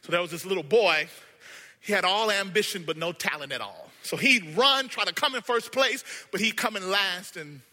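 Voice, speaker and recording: High, bright-voiced man preaching. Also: lively intonation, normal speed, long reverb tail. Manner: dramatic, swinging from hushed to shouted. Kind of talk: sermon with storytelling.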